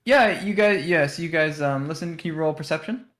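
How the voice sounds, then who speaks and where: A game master narrating a tabletop game on a live stream, hesitant and filling pauses as the scene unfolds. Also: mid-range voice, fairly bright tone. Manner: hesitant, full of fillers and restarts.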